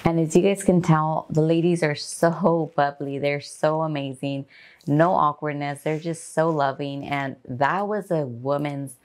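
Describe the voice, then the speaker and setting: A woman's voice: sits low, fairly even intonation, a little slow, darkish tone. A woman bikini competitor recapping an event for her vlog viewers, gushing and enthusiastic as she talks straight to them.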